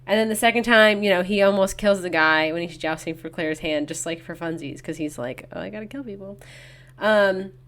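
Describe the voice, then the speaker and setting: A woman co-hosting a book podcast in casual chat, quickly quoting characters' lines as she talks. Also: fairly low pitch, a bit bright. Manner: chatty, acts out characters' lines in quotes. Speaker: podcast co-host.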